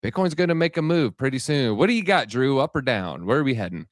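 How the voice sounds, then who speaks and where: Guy hosting a crypto livestream, amped up n a bit winded, mid pitch, dry close mic. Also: animated, no room sound. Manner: hyped, rapid-fire, addresses viewers directly. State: slightly out of breath. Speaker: crypto show host. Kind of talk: energetic live-stream market commentary.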